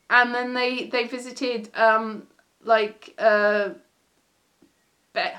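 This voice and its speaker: A woman's voice: high voice, bright, forceful tone. Chatty rambling woman livestreamer. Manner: rambling, self-correcting, chatty. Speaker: livestream host. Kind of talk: casual chat.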